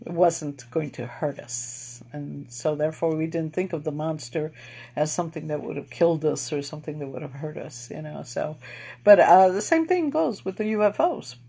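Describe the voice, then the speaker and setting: A middle-aged woman telling a personal story in a casual, unhurried, reflective way, with many pauses and fillers. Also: deep voice, gravelly, warm tone, slightly rough. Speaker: storyteller recounting UFO experiences.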